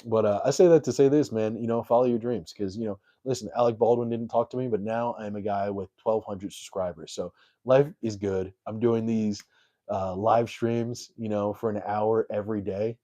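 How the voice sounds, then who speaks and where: A man's voice: fairly low pitch, fairly even intonation, normal speed, dark tone. A young adult man, a comedian, telling a story on his live stream in a rambling, self-deprecating way full of fillers.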